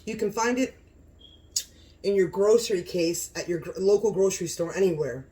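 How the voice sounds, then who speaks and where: Excitable woman hosting a cooking vlog. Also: medium pitch, moderate pace. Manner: gushing, excitable, repeats exclamations. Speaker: cooking channel host.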